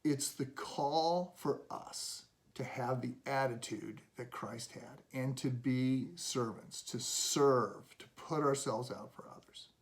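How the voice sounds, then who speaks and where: A man's voice: mid-range voice, slow pace, hardly any pauses. Middle-aged male pastor, earnest and conversational, mid-range voice, restarts often. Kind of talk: devotional sermon.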